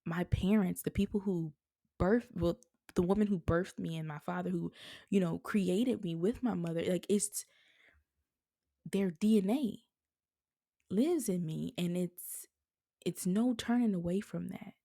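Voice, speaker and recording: A woman's voice: lowish voice, unhurried, vocal fry, pauses often, warm tone, no echo. A woman hosting a podcast, talking in a heartfelt, faith-based monologue, earnest and encouraging and close to tears. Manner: earnest and encouraging, speaks of prayer with feeling. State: emotional, near tears. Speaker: podcast host.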